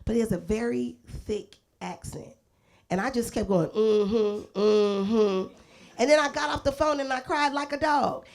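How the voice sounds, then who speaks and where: A middle-aged woman from Los Angeles, a guest actor telling lively stories in a live stage interview, acting out the voices of the people in them and laughing often. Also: on the high side, normal speed, creaky. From Los Angeles, USA.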